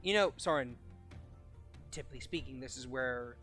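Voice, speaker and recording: Guy running a tabletop game, rambly and casual, mid-pitched, faint music under him. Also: normal speed, a bit bright. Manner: rambling, casual narration with fillers. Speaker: game master.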